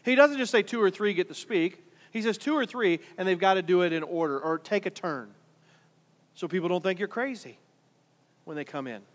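A middle-aged man preaching a sermon as pastor, conversational, swinging from quiet asides to loud emphatic points. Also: high voice, lively intonation, fairly quick. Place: large church hall. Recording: reverberant hall.

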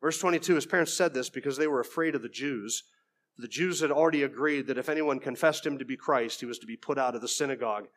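A man's voice: medium pitch, fast talker, fairly bright tone. A man preaching an expository sermon verse by verse, conversational, with folksy asides and frequent restarts.

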